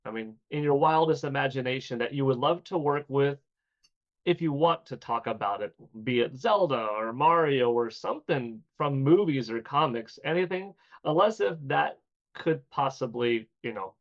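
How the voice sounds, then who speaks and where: A man's voice: mid-range voice, lively intonation, moderate pace. A man interviewing a guest in a casual, chatty way, asking long rambling questions. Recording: dull lo-fi sound.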